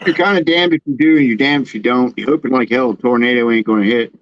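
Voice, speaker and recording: A man's voice: mid-range voice, fast, no echo. An easygoing man chatting casually on a live stream and reading out viewers' messages. His voice sits in an ordinary middle range, and it sounds dry and close but dull and lo-fi. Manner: easygoing, reads out chat messages.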